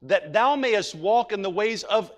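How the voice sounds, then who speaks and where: Male pastor, high-pitched tenor, reads scripture and preaches with building urgency. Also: animated, a little slow. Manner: reads scripture aloud then preaches, rising to urgent pleading. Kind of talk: sermon.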